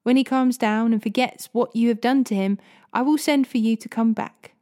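A woman's voice: on the high side, fairly even intonation, normal speed, dark tone, lightly acted. An urgent, anxious mother, as a woman reads her.

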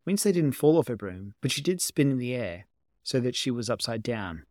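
A man narrating a story in a calm, even manner, his pitch sitting in the middle. The sound is dry and close with no room around it. It feels like an amateur reading at home. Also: fairly quick, no room sound. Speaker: amateur reader. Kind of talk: audiobook narration of fan fiction.

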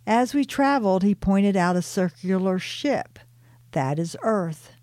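A woman reading aloud from her own spiritual book in a soft, earnest, unhurried way, stopping for personal asides. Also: mid-range voice, lively intonation, dry recording, clean studio sound.

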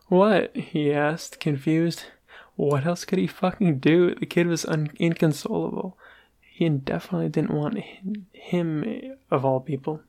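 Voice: medium pitch, darkish tone. An amateur reader narrating a fan story aloud, stumbling and restarting now and then.

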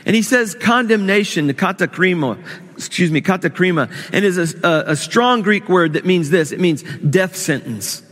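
A man's voice: high-pitched, lively intonation, moderate pace, fairly bright tone. Man preaching emphatically in a reverberant hall. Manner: emphatic, repeats words for stress, prays aloud. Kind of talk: sermon. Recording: long reverb of a large hall.

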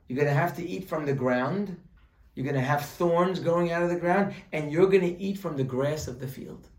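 A man's voice: a little high, a little mellow. A man teaching a religious class, telling a story with humorous asides and explaining Hebrew terms as he goes. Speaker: Torah teacher. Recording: roomy echo, voice from a distance.

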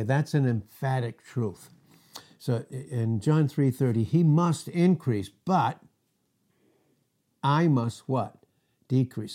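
A man's voice: mid-range voice, warm tone. A man preaching a sermon, reading scripture verses aloud and asking the listeners questions that he answers himself. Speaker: pastor.

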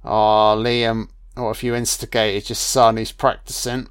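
A man's voice: on the low side, level tone, a little slow, clear, resonant tone, dry recording. A man giving casual, irreverent film commentary, sarcastic and swearing constantly. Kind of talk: casual profane movie commentary.

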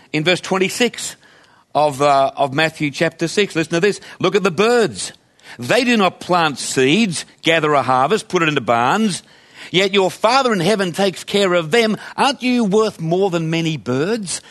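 A man's voice: high voice, animated, unhurried, fairly bright tone. A male pastor preaching a sermon in a conversational, emphatic way, asking his listeners rhetorical questions.

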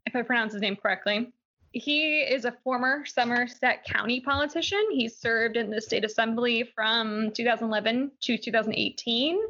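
A woman co-hosts a podcast, casually chatting through the week's news with lots of laughs and "like" fillers. Her voice is a little high and sharp, and the sound is lo-fi.

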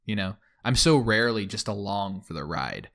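A man's voice: fairly low pitch, animated, moderate pace, creaky, fairly bright tone. A young man hosting a podcast in casual chat, rambling with many fillers. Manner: rambling, lots of fillers like "like" and "you know". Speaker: podcast host.

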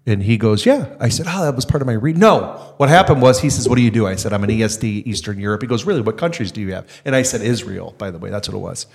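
A man's voice: fairly low pitch, fast talker, creaky, few pauses. A man guest on a podcast telling an anecdote casually, acting out the dialogue he recounts. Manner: anecdotal, acts out quoted dialogue. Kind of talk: casual conversation.

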